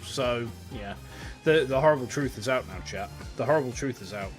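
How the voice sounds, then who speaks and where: A young man streaming as a VTuber, joking and irreverent in casual commentary, talking to his chat through a boom mic. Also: normal speed, soft background music. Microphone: boom mic on a stand.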